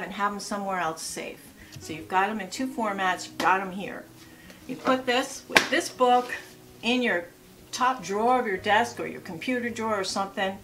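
A woman's voice: medium pitch, sharp tone. A woman in her sixties giving casual lifestyle advice in a chatty vlog, full of asides and rhetorical questions. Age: 60s. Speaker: lifestyle vlogger.

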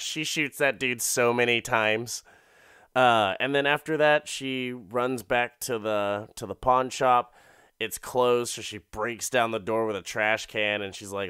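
A man's voice: medium pitch, unhurried, sharp tone, smooth, no room sound, clean studio sound. A man hosting a podcast, retelling an episode in a casual, profane, rambling way full of fillers. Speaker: podcast host. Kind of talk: casual comedic episode recap.

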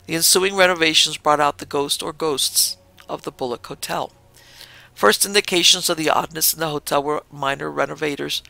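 A male podcast host reads a ghost story in measured, dramatic narration. His voice is gravelly, with a fry at the ends of phrases. The sound is dry and close. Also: a little high, pushed and bright, no echo. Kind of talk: scripted narration.

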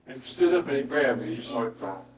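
A middle-aged man, preaching a sermon and telling a personal story in an earnest voice that often drops to a hushed, emotional tone. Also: medium pitch, animated, fast talker, soft background music. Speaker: pastor. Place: church sanctuary. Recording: roomy church sound from a distant mic.

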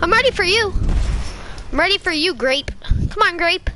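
Squeaky hyper little brat in game chat, super high voice bouncing all over, trash talking, music behind. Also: male voice, expressive, moderate pace, background noise. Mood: taunting. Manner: taunting, crude, giggly, picks fights. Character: squeaky foul-mouthed young boy gamer, hyper and aggressive. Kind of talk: comedic voice trolling in an online game.

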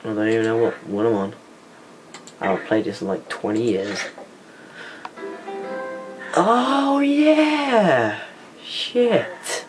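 Music plays behind a young male vlogger whose fairly low voice stays flat and a little quick as he games indoors at a computer, rambling casually and cursing the game under his breath. The noisy home footage was captured on a hand-held camera mic.

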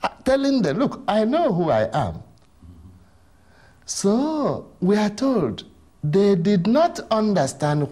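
Male catechism teacher, fairly high voice with very lively pitch, emphatic and questioning. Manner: animated, emphatic, asks rhetorical questions. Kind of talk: explanatory religious teaching.

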